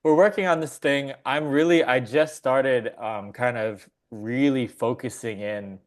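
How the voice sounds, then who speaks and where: A man chats as a podcast guest, spinning a loose story with frequent laughs and casual swearing. His voice sits in a mid pitch, and he talks in an easy, rambling way. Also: steady tone, measured pace.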